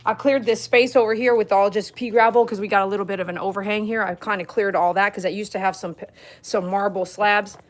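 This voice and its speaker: A woman's voice: medium pitch, fairly even intonation, fast. A woman from St. chatting casually in a home vlog, talking to her dogs and laughing easily, recorded on a phone. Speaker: dog groomer and vlogger. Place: home and backyard in winter.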